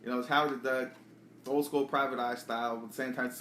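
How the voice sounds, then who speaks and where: A man chatting casually on a podcast, recapping a comic book in a rapid, profane way. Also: medium pitch, fairly even intonation, a bit bright, a little hiss or hum. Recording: echoey room.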